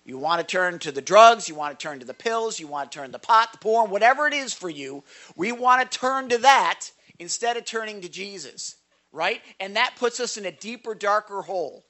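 Guy preaching a little devotional, high bright voice, keeps repeating words, real emphatic. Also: expressive, moderate pace. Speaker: pastor. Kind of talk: sermon devotional.

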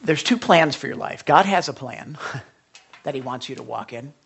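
A man's voice: mid-range voice, animated, creaky, breathy edge. A man preaching a sermon as pastor, talking conversationally, stumbling and restarting, then swelling into fervent bursts. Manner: conversational, swings from hushed asides to impassioned outbursts; halting restarts and repetitions.

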